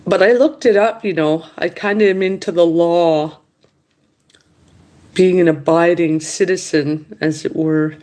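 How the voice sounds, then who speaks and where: A woman talks slowly and unhurriedly in a lowish voice, rambling through a casual late-night monologue at home. She complains as she goes and grows lively whenever she quotes other people. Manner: rambling, complaining, animated when quoting others. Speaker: mukbang vlogger. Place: indoors at home.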